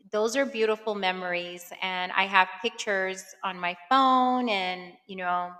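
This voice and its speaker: A woman's voice: medium pitch, gravelly, pushed and bright. Chatty woman in an echoey room. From Brooklyn, New York. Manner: chatty, lots of "you know" and "um", acts out quotes. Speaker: podcast host. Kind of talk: casual personal storytelling. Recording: long reverb, echoey room.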